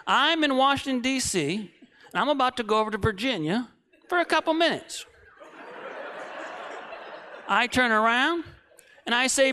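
A man in his late thirties preaching, telling a comic story that swings from shouting to hushed. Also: extremely high pitch, expressive, moderate pace, pauses often, a little hiss or hum. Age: 30s.

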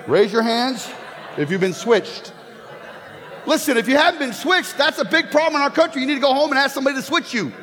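Pastor in his fifties, very high voice, joking storyteller, church hall with long reverb. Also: animated, fairly quick, sharp tone. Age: 50s. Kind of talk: sermon. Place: church sanctuary.

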